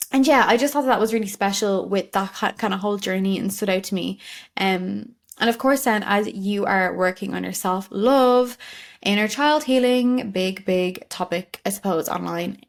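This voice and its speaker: A woman in her late twenties hosting a solo podcast, talking in an earnest, candid way with plenty of fillers and restarts. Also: mid-range voice. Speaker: podcast host. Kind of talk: reflective solo podcast talk.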